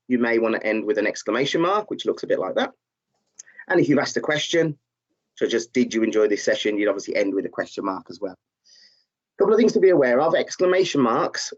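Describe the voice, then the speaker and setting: A man teaching a live online lesson, encouraging learners and reading out their chat answers, with many fillers. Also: mid-range voice. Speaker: tutor. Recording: slightly dull, muffled audio.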